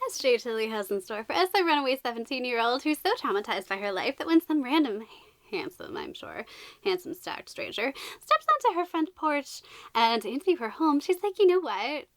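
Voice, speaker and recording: A woman chatting casually as she unboxes books, gushing and excitable, with quick joking asides. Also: on the high side, dry recording. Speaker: book vlogger.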